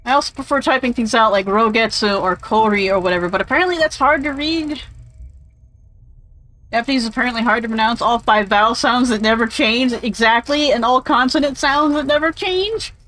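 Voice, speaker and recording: Chatty higher-voiced woman rambling over gameplay. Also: brisk, fairly bright tone, low-quality recording. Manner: rambling, chatty, full of tangents and fillers; opinionated, swears casually. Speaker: game streamer. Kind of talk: casual gameplay commentary.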